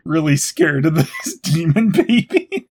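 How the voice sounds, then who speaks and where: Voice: medium pitch, big pitch swings, takes it slowly, vocal fry, darkish tone, slightly rough. A podcast co-host making dry, mocking asides in a casual chat about a TV episode.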